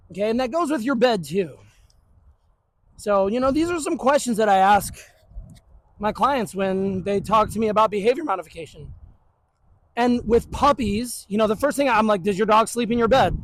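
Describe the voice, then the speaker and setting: A man's voice: high-pitched, normal speed, slight background noise, rough recording. A man who trains dogs, explaining in a blunt, joking, casual way. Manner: blunt and joking, puts on the dog's voice. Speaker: dog trainer. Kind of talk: casual teaching talk.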